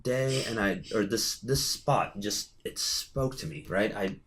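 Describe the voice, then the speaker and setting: A man's voice: lowish voice, unhurried. A man voicing a cheerful old woman, a retired adventurer turned hermit druid, with a folksy, rambling, hospitable manner. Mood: reminiscing. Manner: warm, folksy, rambling hostess.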